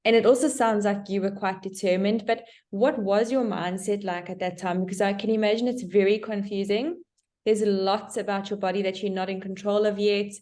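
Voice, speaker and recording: A woman's voice: mid-range voice, darkish tone. A woman hosting an interview, supportive and asking long, open questions. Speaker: interview host. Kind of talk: conversational interview.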